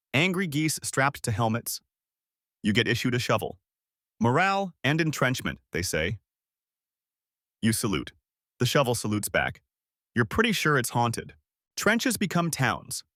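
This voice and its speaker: Male narrator, dry deadpan read, animated pitch, no room sound. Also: no room sound. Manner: dry, clipped deadpan delivery in short sentences.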